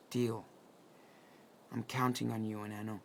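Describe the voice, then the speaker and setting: A man's voice: fairly low pitch, flat delivery, slow pace, gravelly. A young actor playing a protective teenage older brother who firmly lectures his little brother, in a video game. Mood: stern worried. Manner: firm, lecturing.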